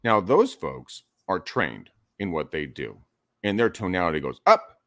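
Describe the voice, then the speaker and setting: A man's voice: low-pitched, big pitch swings, unhurried, a bit bright, no echo, clean studio sound. A man co-hosting a real estate podcast, chatting casually and coaching listeners in an emphatic way. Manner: emphatic, coaching tone, profane at times. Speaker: podcast co-host.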